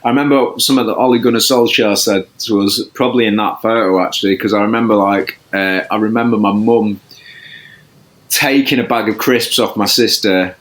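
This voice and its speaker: Guy, lowish voice, rambly and self-deprecating, lots of restarts. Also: steady tone, brisk, a bit bright. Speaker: podcast guest. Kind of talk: casual chat.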